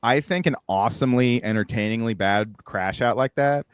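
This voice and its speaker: A man's voice: mid-range voice, brisk, smooth, no echo, studio quality. A man co-hosting a podcast, tossing in joking asides in casual chat. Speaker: podcast co-host.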